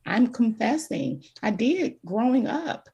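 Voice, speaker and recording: Gravelly, husky woman talking frankly. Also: fairly high pitch, slow, highs cut off. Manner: emphatic, frank, animated storytelling. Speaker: guest expert on childhood trauma. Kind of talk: candid podcast conversation.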